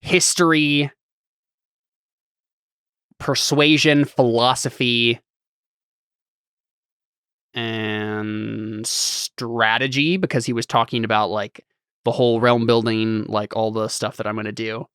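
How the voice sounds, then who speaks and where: A man's voice: medium pitch, takes it slowly, long pauses, smooth. A man running a tabletop role-playing game, talking in an easy, conversational way. His voice sits in the middle of the male range and sounds dry and close to the mic, with no room echo. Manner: relaxed, with restarts and laughs. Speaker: game master. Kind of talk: casual tabletop game narration.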